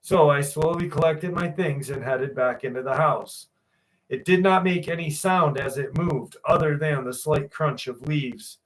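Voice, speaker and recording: A man with a fairly high voice tells his own encounter in a measured first-person account and sometimes catches himself to restart a sentence. He sits a little back from the microphone. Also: distant mic, rough recording. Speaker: witness recounting an encounter.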